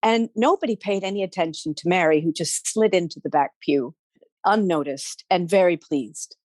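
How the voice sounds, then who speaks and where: Woman storyteller, lively telling, dry close mic. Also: on the low side, normal speed, dry recording. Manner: animated, with sound effects and asides to listeners. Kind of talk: oral folk storytelling.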